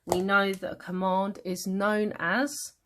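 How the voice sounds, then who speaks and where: A woman with a British accent teaching a revision lesson. She thinks aloud, corrects herself and reads verse lines slowly. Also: mid-range voice, flat delivery. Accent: British English. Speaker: English literature tutor. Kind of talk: revision lesson, annotating a text.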